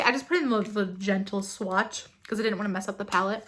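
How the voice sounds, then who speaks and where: Bright gushing young woman vlogger. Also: mid-range voice, fast talker, hardly any pauses, slight background noise. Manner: gushing, gasping, breathless excitement. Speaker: beauty vlogger. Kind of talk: excited unboxing chat.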